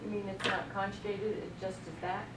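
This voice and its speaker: A woman's voice: medium pitch, flat delivery, brisk. A woman student in a class, asking curious follow-up questions. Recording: echoey room from a distant mic with noise.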